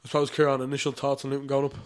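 A man's voice: medium pitch, monotone, rapid-fire, a little hiss or hum. A young Irish man co-hosting a casual chat podcast, telling stories with frequent laughs and casual swearing. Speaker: podcast co-host.

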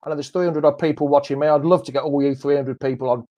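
A man's voice: on the high side, fairly even intonation, fast, lo-fi sound. A man from Leicester, hosting a football fan live stream in jokey, banter-filled casual chat. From Leicester, England. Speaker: host of a football fan show.

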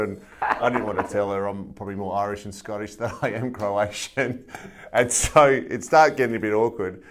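Aussie bloke, lowish voice, telling footy yarns and cracking himself up. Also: male voice, moderate pace. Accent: Australian. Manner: animated storyteller, laughs often, acts out voices. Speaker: guest, former football captain. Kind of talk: casual anecdote telling.

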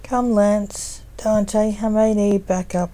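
A woman's voice: medium pitch, fairly even intonation, slow pace, mellow, lightly acted. A woman voicing a stern, bossy male grim reaper who leads the others, in a scolding, dry manner.

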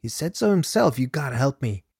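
A man voicing a desperate male gambler in debt, pleading frantically in a raised pitch. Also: very animated, a little fast, creaky, a little mellow, slightly rough, dry recording, studio quality, heavily acted.

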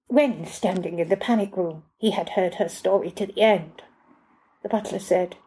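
A woman reading her own short story aloud in a measured, understated narration. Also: fairly low pitch, warm tone, slightly rough. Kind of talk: literary reading.

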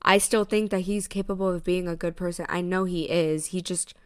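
A woman's voice: lowish voice, fairly even intonation, brisk, over a noisy crowd. A young woman co-hosting a podcast, telling a story in casual chat and acting out both sides of a quarrel, frank and full of swearing. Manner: frank, swears freely, says "literally" and "girl" often. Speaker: podcast co-host.

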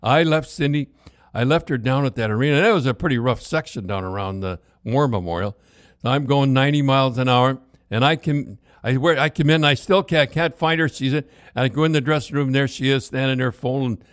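A man's voice: medium pitch, a little fast, no room sound. Older man, casual reminiscing, rambling false starts, dry. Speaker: former hockey player telling stories.

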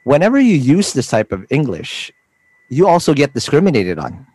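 Filipino guy hosting a podcast, super lively up-and-down voice, dry sound. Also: mid-range voice, moderate pace, no room sound. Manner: animated, encouraging interviewer. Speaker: podcast host. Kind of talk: casual interview conversation.

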